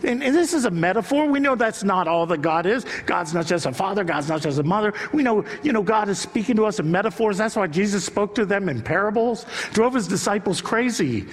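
A middle-aged man preaching a sermon as pastor, telling personal stories and building to loud, animated peaks. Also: high voice, a little fast, hardly any pauses. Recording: long reverb of a large hall.

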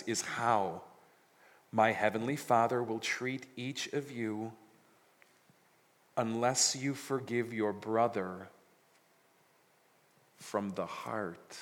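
A man's voice: on the low side, fairly bright tone. Man preaching in a reverberant hall. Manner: dramatic, jokey scripture reading. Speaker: pastor. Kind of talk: sermon.

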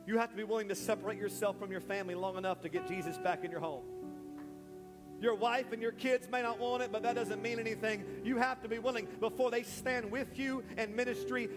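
A man preaching an impassioned sermon in church, building to shouts, and calling people forward. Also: high voice, brisk, long reverb tail, over music. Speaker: pastor. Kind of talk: sermon with altar call. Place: church sanctuary.

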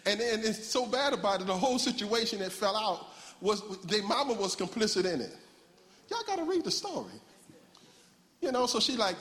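A man preaching, his voice sitting high. He banters playfully with the congregation between points, and his words ring out with a long reverb through a large church hall. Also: expressive, normal speed, fairly bright tone. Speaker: pastor. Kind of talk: sermon.

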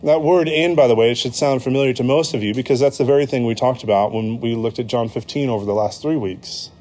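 Preaching in a relaxed, conversational style, this pastor from the United States has an American accent and a mid-pitched voice that's mellow and warm, not bright. As he explains, he stops on ums and fixes his wording mid-sentence.

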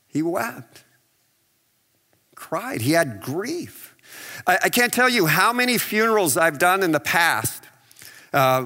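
A male pastor preaches a conversational sermon, posing rhetorical questions to the audience and acting out what people say. His voice is a little high, pushed and bright, trailing a long reverb.

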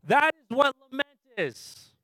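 High-voiced preaching man, dry sound. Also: very animated, unhurried, no echo. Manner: swings from low, quiet teaching to loud, impassioned preaching; asks the audience questions. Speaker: pastor. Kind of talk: sermon.

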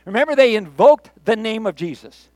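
A man's voice: sits high, lively intonation, normal speed, a little mellow, dry recording, soft background music. A man pastor preaching a sermon in a joking, self-mocking, conversational way.

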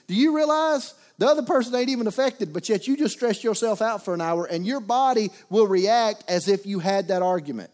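Man, pastor, middle-aged, high voice, folksy humorous sermon, loud-to-quiet swings. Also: expressive, brisk, few pauses.

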